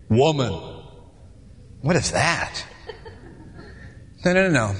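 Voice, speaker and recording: A male pastor preaching a sermon, dramatic and animated, acting out the voices of the people in the story. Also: on the high side, husky, big-room sound.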